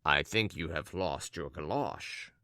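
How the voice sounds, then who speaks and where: A man's voice: rumbling low, measured pace, bright, forceful tone, clean tone, dry recording, clean studio sound, pitched below the performer's own voice, heavily acted. A man voicing a bashful, polite young man who sounds a little intimidated.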